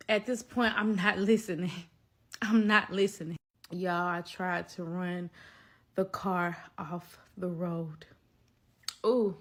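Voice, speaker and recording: A woman telling a personal story to her viewers, animated and emphatic. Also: mid-range voice, slow, long pauses. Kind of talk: storytime vlog.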